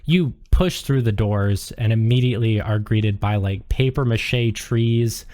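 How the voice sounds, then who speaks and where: A man's voice: on the low side, unhurried, mellow. A man narrating as game master in a loose, joking way with lots of fillers.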